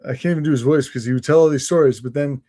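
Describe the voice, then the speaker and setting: A man's voice: medium pitch, rapid-fire, warm tone. A young man co-hosting a casual comedy chat show, telling rambling stories and laughing as he goes. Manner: storytelling, laughing often, dropping into silly voices. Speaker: co-host.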